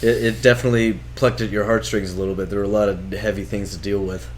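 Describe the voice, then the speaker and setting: A man's voice: on the low side, flat delivery, fast talker, slight background noise. A man as a guest on a casual live review show, laid-back and chuckling, blunt in his takes.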